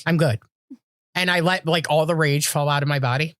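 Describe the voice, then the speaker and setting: A woman's voice: deep voice, steady tone, fast, a bit bright, dry recording, clean studio sound. Swearing, rambling woman podcast co-host. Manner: rambling storyteller, swears freely, acts out voices. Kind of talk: casual chat.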